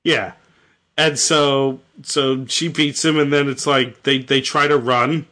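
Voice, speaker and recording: A man's voice: mid-range voice, little pitch movement, slow pace, bright, forceful tone. A man casually retelling a video game story, rambling and jokey with lots of fillers. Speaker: storyteller host.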